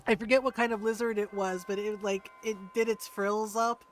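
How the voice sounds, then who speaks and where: A woman streaming a game, chatting casually, animated and giggly, with a casual habit of swearing. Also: mid-range voice, moderate pace, a little hiss or hum.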